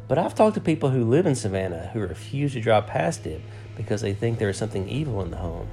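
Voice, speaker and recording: A man's voice: on the low side, sing-song, fast, warm tone, faint music behind. A man co-hosting a podcast, telling a story and joking with his co-host in an easygoing way. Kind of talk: casual podcast narration and banter.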